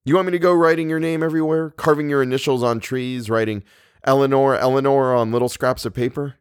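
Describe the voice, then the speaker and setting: A man's voice: medium pitch, fairly even intonation, fast, smooth, dry recording, pitched above the performer's own voice, lightly acted. Male reader as a laid-back joking young guy, offhand, dry sound. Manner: wry, offhand. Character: easygoing, joking young man.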